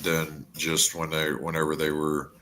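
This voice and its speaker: A man's voice: rumbling low, monotone, measured pace, bright, forceful tone, slight background noise. A man co-hosting a wrestling podcast, chatting casually, stammering and swearing as he rambles. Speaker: podcast co-host.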